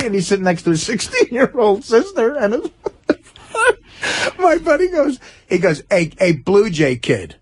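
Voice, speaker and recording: A man telling rowdy stories on a radio show, rambling and laughing through them. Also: high voice. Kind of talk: rowdy storytelling.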